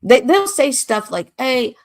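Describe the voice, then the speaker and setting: A woman hosting a casual livestream monologue, talking in an expressive, animated way and laughing often. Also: unhurried. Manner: animated, expressive, laughs often, mimics others in high voices. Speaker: livestream host.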